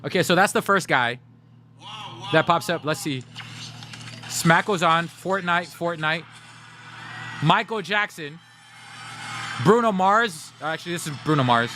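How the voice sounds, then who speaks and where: A man's voice: on the high side, animated, a little slow, pauses often, bright, forceful tone, a little hiss or hum. Chatty man talking to his stream chat. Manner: chatty, keeps addressing chat, laughs often. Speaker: livestreamer. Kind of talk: casual livestream chat.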